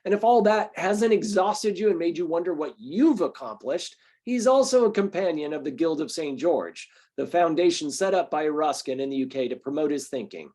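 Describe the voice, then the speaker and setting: Club president, male, a bit high-pitched, halting delivery introducing a lecturer. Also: expressive, mellow. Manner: halting, frequent ums and uhs. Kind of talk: hesitant formal introduction.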